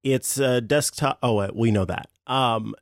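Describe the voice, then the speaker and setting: A man's voice: medium pitch, measured pace, no echo, clean studio sound. A man hosting a casual tech podcast, chatty and full of fillers, laughing often. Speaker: podcast host.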